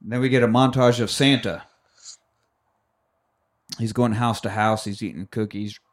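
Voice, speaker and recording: A man's voice: fairly low pitch, steady tone, unhurried. A man co-hosting a podcast, casually recapping a movie and chiming in with character names and dry asides. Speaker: podcast co-host.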